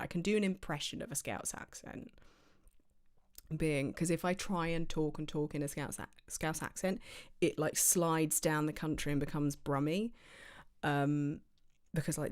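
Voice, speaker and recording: A woman streamer chatting casually from her home office, rambling with lots of fillers and tangents. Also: low-pitched. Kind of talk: casual livestream chat.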